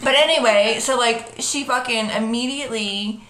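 A woman's voice: fairly high pitch, moderate pace, fairly bright tone. A middle-aged woman in casual chat, brash and boastful, swearing freely. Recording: echoey room.

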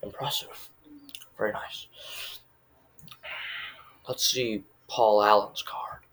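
A man putting on a smug young male corporate killer, quoting him in a hushed, breathy whisper. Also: lowish voice, fairly even intonation, slow pace. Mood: cool.

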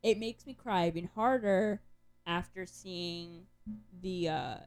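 A woman's voice: on the low side, slow, clean tone. A young woman co-hosting a podcast, chatting casually with sarcastic asides and plenty of fillers. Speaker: podcast co-host. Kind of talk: casual chat.

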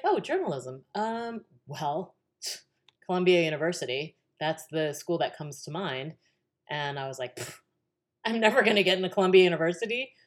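A woman guest telling a personal story in casual chat, animated and acting out the voices in it. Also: low voice. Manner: animated, acts out quoted dialogue.

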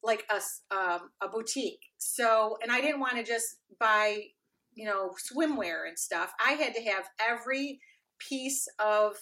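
Bright-voiced, animated middle-aged woman. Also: fairly high pitch, a little slow. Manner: animated, acts out quoted dialogue, frequent fillers. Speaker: podcast guest. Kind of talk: casual interview storytelling.

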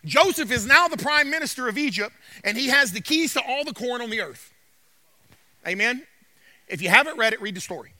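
Pastor, male, very high bright voice, emphatic and repetitive, dry sound. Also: lively intonation, fairly quick, no echo. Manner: emphatic, repetitive, calls out "Amen?". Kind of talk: sermon.

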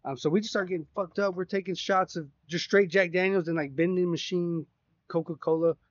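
Speaking fairly quickly in a high voice, this man casually spins a rambling, foul-mouthed story as a podcast co-host. The sound has no echo, coming across dry and slightly dull.

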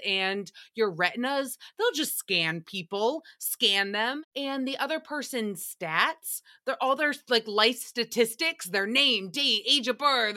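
A woman's voice: a little high, pushed and bright. A young woman hosting a podcast, recapping a show alone in a sassy, profane, chatty way with acted-out quotes. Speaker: podcast host. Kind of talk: casual solo recap commentary.

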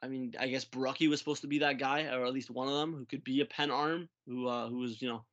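A man's voice: medium pitch, steady tone, quick pace, a bit bright. Man co-hosting, dull lo-fi sound. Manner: hesitant, many "uh" and restarts. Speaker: podcast co-host. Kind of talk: casual sports talk.

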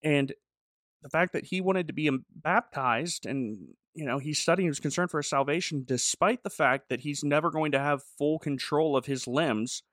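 A slightly high-voiced man recaps scenes in a lively, chatty way, slipping into the characters' voices as he goes. The sound is dry and close, with no room around him. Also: normal speed, dry recording. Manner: animated, voices characters in quoted dialogue. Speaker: podcast co-host and pastor. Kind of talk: casual review chat.

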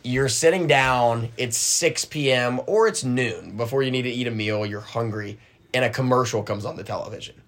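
A young man co-hosting a casual sports podcast, opinionated and animated as he tells a story. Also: mid-range voice, normal speed. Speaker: podcast co-host.

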